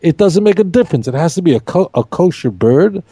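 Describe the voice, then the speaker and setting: A middle-aged man, a rabbi, teaching scripture in an emphatic, animated way, repeating key phrases on a podcast. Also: a little high, brisk, husky, dry recording. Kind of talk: podcast Bible discussion.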